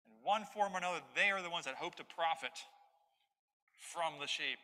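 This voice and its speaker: A man's voice: a little high, fairly quick, bright, forceful tone. A man preaching an expository sermon as pastor, stressing his points through repetition. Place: church sanctuary. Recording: long hall reverb.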